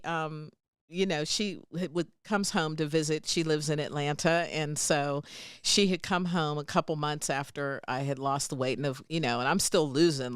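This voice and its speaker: A woman's voice: low-pitched, clear, resonant tone, dry recording, studio quality. A middle-aged woman, a podcast host, in a casual interview, telling a story with lots of laughter and acted-out dialogue. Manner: animated, laughs often, acts out quoted dialogue.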